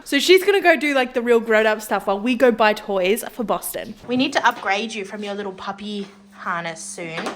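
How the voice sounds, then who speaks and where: A woman's voice: a little high, fairly bright tone. A young woman, chatting casually and upbeat to camera in a vlog. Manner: chatty and upbeat, coos at her dog. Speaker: vlogger.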